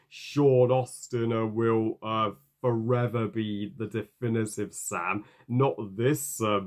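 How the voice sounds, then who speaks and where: A man giving a ranting film review, halting, with many fillers and curses. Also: on the low side, little pitch movement. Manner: halting, full of fillers and profanity.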